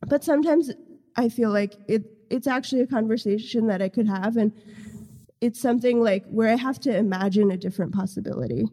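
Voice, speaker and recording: A woman's voice: on the high side, fairly quick, warm tone, big-room sound. A woman guest on a podcast, chatting casually and rambling with many fillers.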